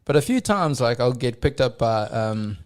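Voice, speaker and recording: A young man, a musician guest telling relaxed anecdotes and laughing often in casual chat. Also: mid-range voice, moderate pace. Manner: laid-back, laughs often, tells anecdotes.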